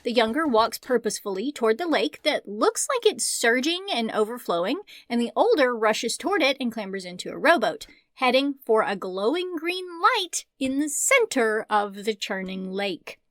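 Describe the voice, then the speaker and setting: A woman's voice: a little high, big pitch swings, moderate pace, few pauses, fairly bright tone, no echo. A woman co-hosting a casual book podcast, chatty and joking, laughing often and swearing now and then. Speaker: podcast co-host.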